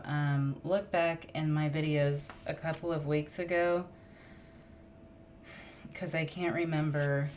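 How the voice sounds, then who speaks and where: A woman's voice: low voice, flat delivery, unhurried, a little mellow, slight background noise. A woman reading tarot cards in a casual, musing monologue, thinking aloud and getting emotional as she draws cards. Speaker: tarot reader.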